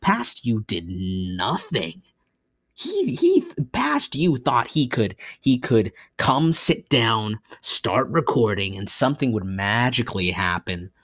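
A man's voice: medium pitch, sing-song, takes it slowly, a bit bright, no room sound, clean studio sound. A young man hosting a solo podcast, rambling and self-mocking, with frequent restarts and asides. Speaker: podcast host.

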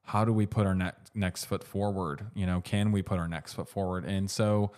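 Man, lowish voice, casual movie podcast chat, rambling with fillers. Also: steady tone, normal speed, darkish tone. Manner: rambling, restarts and hedging with fillers. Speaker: podcast co-host.

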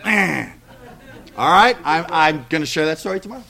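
Lively high-voiced male preacher. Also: normal speed, gravelly, noisy background. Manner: lively storytelling, acts out dialogue. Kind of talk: sermon.

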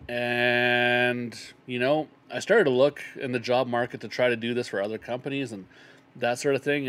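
A man in his thirties hosting a solo podcast, chatting casually and rambling with a self-deprecating tone. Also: mid-range voice. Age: 30s. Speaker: podcast host.

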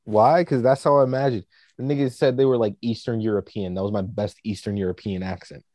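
A man's voice: fairly low pitch, steady tone, fairly quick, darkish tone, dry recording. A man casually chatting as a podcast co-host, rambling with lots of fillers. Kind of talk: casual chat.

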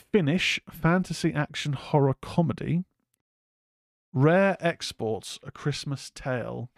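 A man's voice: mid-range voice, darkish tone, no echo, clean studio sound. A man from England hosting a casual film review show, rambling, swearing freely and reading out chat comments. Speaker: horror podcast host.

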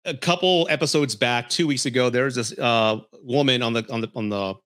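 A man's voice: medium pitch, fairly quick, a bit bright. A man hosting a casual dating-advice podcast, ranting bluntly with plenty of swearing and frequent laughter. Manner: blunt and profane, laughs often; heated, scolding delivery. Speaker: podcast host.

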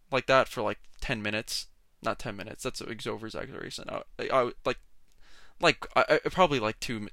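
A man's voice: mid-range voice, sharp tone, dry recording, studio quality. A young man hosting a solo podcast, rambling and sarcastic, often interrupting himself. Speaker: podcast host. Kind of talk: casual solo podcast rant.

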